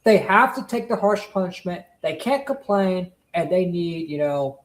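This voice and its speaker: A commentary streamer rants with heavy emphasis and frequent swearing. The voice sits at a middle pitch. The room adds a noticeable echo. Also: animated, normal speed. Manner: profane, emphatic, repetitive. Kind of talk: heated casual rant.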